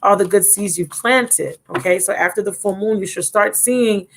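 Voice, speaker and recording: Gravelly-voiced woman in her thirties chatting. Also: mid-range voice, normal speed. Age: 30s. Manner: chatty, rambling, talks to viewers in the chat. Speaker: tarot reader and channel host. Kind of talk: casual live-stream chat. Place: at home.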